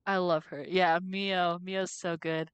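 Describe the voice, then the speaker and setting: A woman's voice: lowish voice, fairly even intonation, slow, smooth, dry recording, highs cut off. Female let's-play host, casual and giggly, close dry sound. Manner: chatty and giggly, swears when startled. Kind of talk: game commentary, reading game text aloud.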